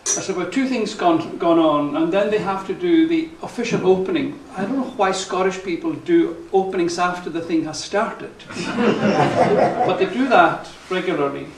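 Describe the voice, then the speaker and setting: High-voiced male folk storyteller, chatty and chuckling, on an echoey live mic. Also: moderate pace, far from the mic, noisy background. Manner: rambling, chuckling, with self-corrections. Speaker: folk musician telling a story on stage. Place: live concert venue.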